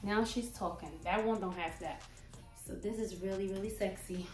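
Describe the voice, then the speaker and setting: A woman's voice: medium pitch, steady tone, moderate pace. Woman vlogger, chatty try-on haul, a bit breathless, far from the mic, roomy echo, faint music behind. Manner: chatty and playful, hyping herself up. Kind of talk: casual try-on haul chat.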